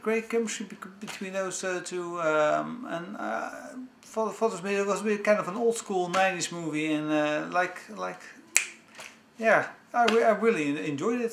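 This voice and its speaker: A man chatting casually about films he owns, talking with enthusiasm in a halting way full of restarts. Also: sits high, vocal fry, a bit bright, slight background noise. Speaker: movie vlogger. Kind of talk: casual home-video review. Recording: echoey room.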